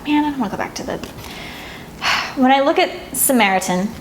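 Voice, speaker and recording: Woman, tarot reader, soft and emotional, echoey room with faint hiss. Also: high voice, expressive, normal speed. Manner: soft, emotional, gets teary and laughs. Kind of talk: pick-a-card tarot reading to camera.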